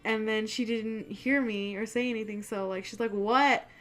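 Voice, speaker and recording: A woman's voice: on the high side, steady tone, moderate pace. A young woman hosting her channel, chatting casually and telling spooky stories, swearing freely and acting out what people said. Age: young adult. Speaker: channel host.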